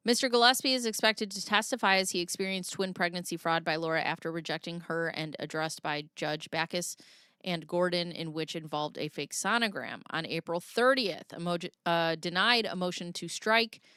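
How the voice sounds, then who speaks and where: A woman's voice: on the low side, normal speed, sharp tone, smooth, dry recording, clean studio sound. A woman in her thirties reading court documents aloud on a live stream, breaking off for jokey asides. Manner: chatty, jokey, reads legal text aloud with asides. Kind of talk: casual live-stream commentary.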